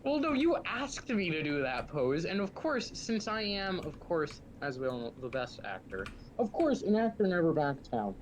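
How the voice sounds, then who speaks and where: Animated young man telling stories. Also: fairly high pitch, moderate pace, slight background noise, low-quality recording. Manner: animated, theatrical storytelling. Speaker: streamer. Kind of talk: casual chat among friends.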